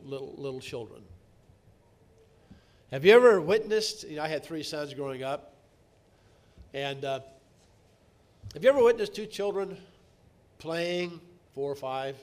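A middle-aged man delivering a sermon in a somewhat high voice. He speaks earnestly, drawing out key words slowly and then swelling into emphatic, louder passages. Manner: earnest, rising to emphatic peaks, slowing to stress words. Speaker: preacher.

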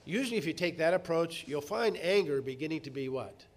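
Middle-aged preacher with loud emphatic bursts. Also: male voice, fairly high pitch, expressive, a little fast. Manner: storytelling preacher, swinging from quiet asides to loud emphatic bursts. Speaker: pastor. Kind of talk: sermon.

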